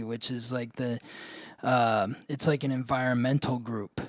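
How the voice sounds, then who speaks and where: A man's voice: medium pitch, fairly even intonation, unhurried, no echo. Chatty storytelling man, dry sound. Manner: storytelling, lots of "like" fillers. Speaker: podcast co-host, astrologer. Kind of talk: casual chat.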